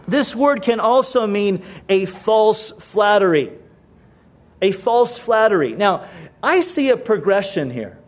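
A male pastor preaching a sermon in a conversational way, repeating his key phrases. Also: sits high.

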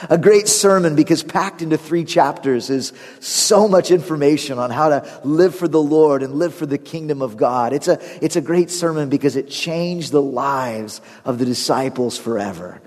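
A man's voice: fairly high pitch, normal speed, hardly any pauses, a little mellow. A man preaching a sermon as pastor, telling stories animatedly and laughing often. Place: church sanctuary. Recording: long reverb of a church hall.

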